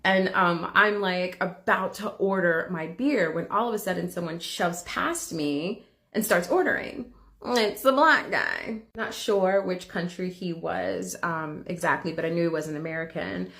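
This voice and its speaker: A woman's voice: fairly low pitch, unhurried, vocal fry, a bit bright. A woman hosting a reaction video, telling a personal story in candid, casual commentary full of filler words.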